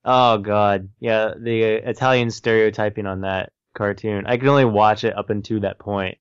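A man's voice: lowish voice, fairly even intonation, moderate pace, clear, resonant tone, no echo. A man co-hosting a podcast in casual chat, dry and teasing. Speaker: podcast co-host. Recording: dull lo-fi sound.

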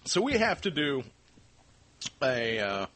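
An American man co-hosting a casual podcast, lively and laughing as he tries to do impressions of singers. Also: mid-range voice, takes it slowly, background noise. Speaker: podcast co-host.

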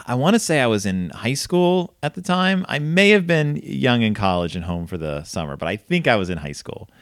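A man's voice: mid-range voice, normal speed, no room sound, clean studio sound. A man hosting a casual film discussion podcast, telling stories with lots of fillers. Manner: animated storytelling, many fillers. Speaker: podcast host.

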